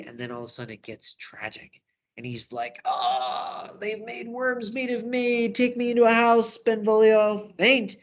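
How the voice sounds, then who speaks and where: A man teaching drama, walking through a study guide in a casual, conversational way. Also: medium pitch. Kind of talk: lesson recap video.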